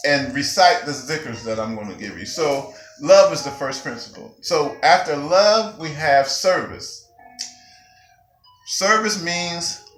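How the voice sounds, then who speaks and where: A male Sufi teacher addresses a gathering with a bright, forceful voice. His pitch sits slightly high, and his delivery is emphatic and animated, like a preacher's. The sound carries the echo of a roomy hall, with faint music underneath. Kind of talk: spiritual teaching talk. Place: gathering room with audience.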